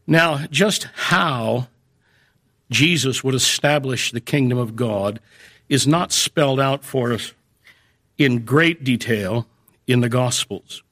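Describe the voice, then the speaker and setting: A man preaching a sermon in a measured way, slowing down and lifting his voice to stress key phrases. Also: medium pitch, fairly bright tone.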